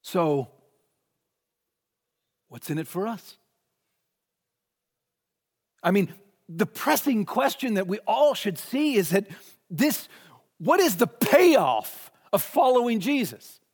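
Slow, high-voiced man preaching in a hall. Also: big pitch swings. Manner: emphatic, swings between raised and hushed delivery. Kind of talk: expository sermon. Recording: long reverb of a large hall.

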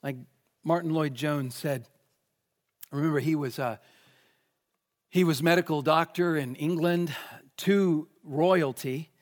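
A man delivers a sermon in a fairly high voice. He is earnest and deliberate, slowing down and stretching key phrases to press them home. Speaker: preacher.

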